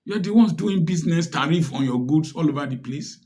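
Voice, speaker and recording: Brisk and expressive, his slightly high voice carries a dark tone. The man, who has a Nigerian English accent, lectures the camera on social issues with passion, peppering his preachy delivery with rhetorical questions.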